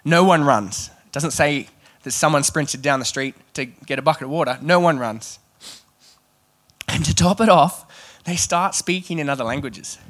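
Male preacher, casual and animated, light self-deprecating humour, slightly higher voice. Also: moderate pace. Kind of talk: sermon.

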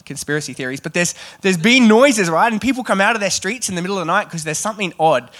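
Male preacher, casual and animated, light self-deprecating humour, slightly higher voice. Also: fast. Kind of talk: sermon.

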